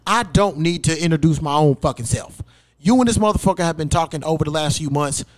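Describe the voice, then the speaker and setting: Loud, profane young man telling a story. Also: a little high, fast. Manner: profane, animated, acts out quotes loudly. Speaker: podcast host. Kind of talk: casual storytelling chat.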